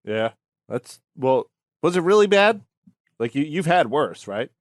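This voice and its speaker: Lively, higher-voiced male podcast host. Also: measured pace, no echo, studio quality. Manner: teasing, steers the conversation. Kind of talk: casual chat.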